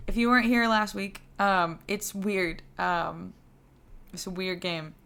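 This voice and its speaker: A woman with a mid-range, gravelly, slightly bright voice streams a video game live, chatting casually at a slightly slow pace with fairly even intonation. She's tired and yawning, rambling with fillers and restarts, while lights buzz faintly behind her.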